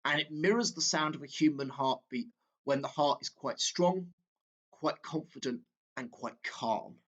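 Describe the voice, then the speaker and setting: A man teaching a literature exam walkthrough, talking slowly and haltingly, with fillers and self-corrections as he works through a poem. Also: fairly high pitch, fairly bright tone, dull audio.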